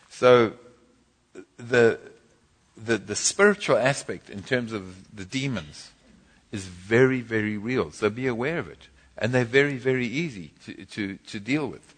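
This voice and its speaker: A man's voice: lowish voice, a bit bright. Man preaching in an echoey hall. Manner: storytelling, jokey asides. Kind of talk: sermon teaching. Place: church hall.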